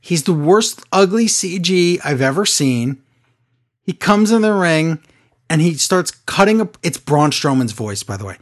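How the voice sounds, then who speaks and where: A man co-hosting a casual recap podcast, telling the story in an excitable, animated way. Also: unhurried. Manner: excitable, animated storytelling with sudden pitch jumps. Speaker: podcast co-host. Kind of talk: casual wrestling recap chat.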